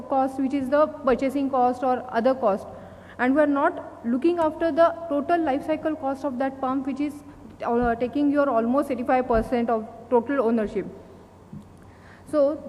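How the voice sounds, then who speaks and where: A woman with an Indian English accent giving a conference presentation, halting often with fillers and restarts. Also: high-pitched, a little mellow. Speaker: company speaker at an industry event. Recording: long hall reverb, faint noise.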